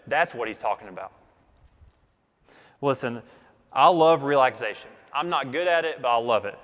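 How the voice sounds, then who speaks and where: A man's voice: mid-range voice, fairly quick, a bit bright. Man preaching in a reverberant hall. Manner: earnest, emphatic preaching with repeated phrases. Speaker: pastor. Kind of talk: sermon.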